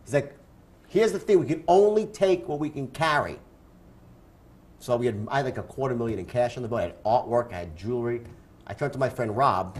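A man in his fifties with a New York accent, telling a wild story on stage as an interview guest, loud and laughing, acting out the other voices. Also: mid-range voice, expressive, brisk, a little hiss or hum. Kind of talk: animated storytelling.

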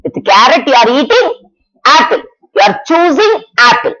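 In a dull lo-fi recording, a woman teaches a classroom math lesson in a high, sing-song, somewhat bright voice. She works slowly, repeating each step and asking questions only to answer them herself.

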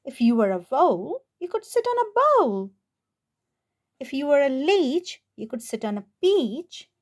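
A woman voicing a bossy male frog who makes up the rules, calling out loudly in a children's picture book reading. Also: high-pitched, very animated, unhurried. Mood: smug. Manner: loud, shouting commands.

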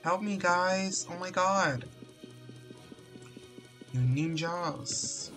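Commentating casually on an online game, this Roblox streamer speaks very slowly in a mid-range, somewhat bright voice over soft background music. The host mumbles, often trailing off into exasperated outbursts and swearing.

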